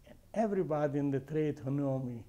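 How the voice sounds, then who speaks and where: Older man, heavy foreign accent, mellow. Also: fairly high pitch, muffled recording. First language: not English. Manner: halting, repeats himself, restarts often. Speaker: interviewee. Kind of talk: oral history recollection.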